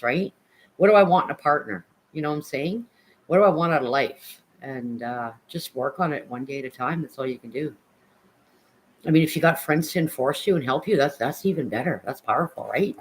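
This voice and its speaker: A woman's voice: sits low, low-quality recording. Earnest woman giving life advice. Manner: earnest, repeats key words for emphasis. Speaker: livestream host. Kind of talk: heartfelt advice chat.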